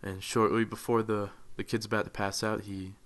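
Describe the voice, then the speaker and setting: A young man giving mock-dramatic motivational narration for a gaming video, swelling into loud, fervent peaks. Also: lowish voice, flat delivery, moderate pace. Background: faint music.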